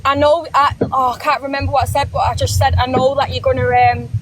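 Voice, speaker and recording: A woman's voice: sits high, level tone, fast, fairly bright tone, low-quality recording. A woman calling in from her car, chatting in a bubbly, rambling way over a patchy connection. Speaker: caller. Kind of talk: casual chat. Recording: patchy call with car noise.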